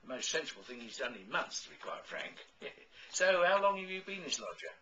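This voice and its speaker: A man's voice: medium pitch, big pitch swings, brisk, sharp tone. A man performing a comic one-sided phone call, chatty, fussy and genteel in manner. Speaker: comedy performer.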